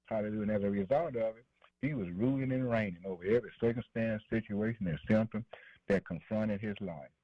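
A little hiss or hum sits under this lowish male voice as a preacher moves a bit fast through a repetitive, rhythmic sermon. Between phrases he calls out "man" and "boy," a preachy call-and-response, on dry, dull lo-fi radio audio.

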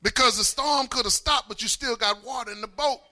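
A man preaching, his voice pitched very high for a man and strikingly bright and piercing. He rolls into a sing-song chant and shouts out calls to the congregation. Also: fairly quick, slight background noise. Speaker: pastor. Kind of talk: sermon.

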